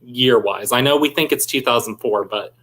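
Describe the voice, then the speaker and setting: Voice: medium pitch, normal speed, a bit bright. A host of an online interview show who stammers and repeats words as he starts his questions. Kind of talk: casual interview.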